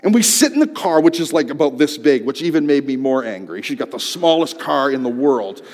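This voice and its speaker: A man telling a personal story in a sermon, swinging from loud outbursts to hushed tones. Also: medium pitch, very animated, brisk. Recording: long hall reverb.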